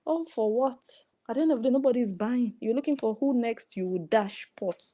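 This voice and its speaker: This woman, an online commentator with a Nigerian English accent, rants with sarcasm and scolding. Her voice is a little high and warm, and she talks briskly.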